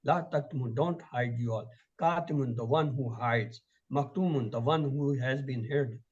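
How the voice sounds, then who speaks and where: A man teaching an online class, reciting word lists in steady drills. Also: mid-range voice, moderate pace, slightly rough, lo-fi sound. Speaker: Quran and Arabic teacher.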